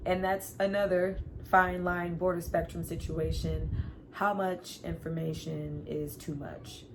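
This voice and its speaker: Woman doing a tv recap vlog, slow easy delivery, kinda low voice, faint hum behind her. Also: gravelly. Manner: animated retelling, acting out characters' lines, sighs and laughs. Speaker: TV review vlogger. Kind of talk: casual episode recap and commentary.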